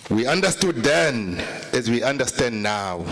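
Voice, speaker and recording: A man's voice: mid-range voice, big pitch swings, unhurried, a bit bright. A man giving a political speech at a summit, opening with rousing call-and-response chants. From South Africa.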